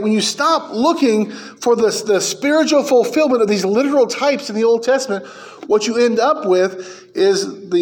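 A man preaching a sermon as pastor, emphatic, with his pitch and volume rising and falling.

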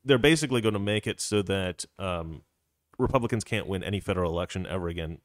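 A man's voice: deep voice, fast talker, no echo, studio quality. A man hosting a political live stream, talking casually and rambling with frequent restarts.

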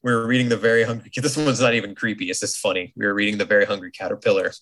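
A man in his thirties co-hosting a casual podcast, animated and acting out quotes in his stories. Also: lowish voice, very fast. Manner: animated storyteller, acts out quotes. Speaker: podcast co-host. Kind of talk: casual chat.

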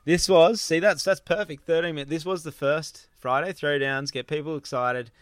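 A man's voice: fairly high pitch, normal speed, dry recording. An Australian man in his thirties hosting a podcast, telling a casual story with lots of laughing and acted-out lines from friends. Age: 30s. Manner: animated, laughing often, acts out friends' lines. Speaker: podcast host.

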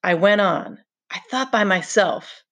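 A woman's voice: medium pitch, lively intonation, measured pace, fairly bright tone. A woman reading the lines of a fierce, brooding boy hunter in a novel, in short, blunt phrases.

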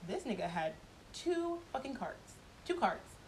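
A woman's voice: high-pitched, very animated, a little slow, a little hiss or hum, rough recording. A woman telling a personal story in a casual vlog, blunt and profane, laughing often as she talks.

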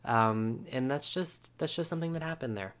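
A man's voice: mid-range voice, moderate pace, fairly bright tone, a little hiss or hum. A man hosting a podcast, recapping a reality show episode in a casual, chatty way with wry asides and frequent ums.

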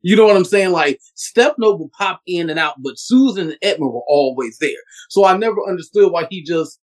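A man's voice: sits high, expressive, fairly quick. Eager, talkative man panelist. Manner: eager, talkative, asks for agreement. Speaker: podcast panelist. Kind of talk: casual fan discussion.

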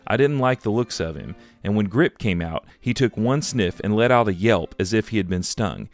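A man reading aloud as a grumpy old male hobbit farmer who tells his tale with slow relish. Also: lowish voice, lively intonation, soft background music. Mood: storytelling. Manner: drawn-out storytelling with relish.

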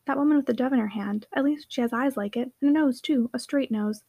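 Plain, earnest little girl, quick talker, played by a woman. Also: high voice, mellow.

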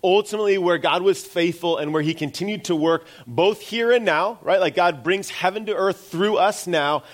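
A man's voice: high-pitched, normal speed. A middle-aged man preaching a sermon as pastor, in a conversational way with self-deprecating asides.

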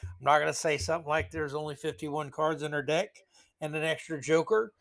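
Male podcaster, somewhat higher pitch, sarcastic rambling commentary. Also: fairly even intonation, brisk, gravelly, fairly bright tone. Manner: sarcastic, mocking, rambling asides. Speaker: podcast host.

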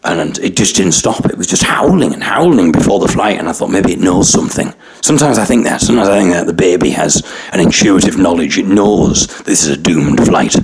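A man's voice: low-pitched, expressive, brisk, heavy background noise. A man hosting a podcast and telling a wry comic story with mock worry. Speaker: podcast host.

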